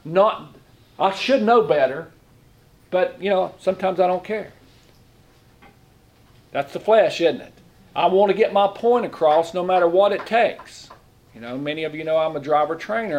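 A middle-aged man giving a conversational sermon as a lay preacher, folksy, talking in plain informal grammar and often asking the room questions. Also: high voice.

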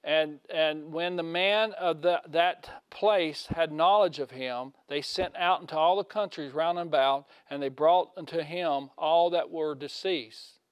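A man giving a conversational sermon in a folksy way, asking his listeners questions and swinging from loud to hushed. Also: a little high, measured pace, hardly any pauses, clean tone, no room sound, highs cut off. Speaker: preacher.

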